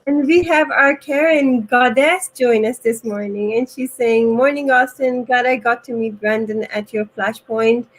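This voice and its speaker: A woman co-hosts a live stream and reads viewer comments aloud. Her voice sits a little high. She sounds cheerful and friendly. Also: fairly even intonation, unhurried, few pauses, poor audio. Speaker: co-host reading comments.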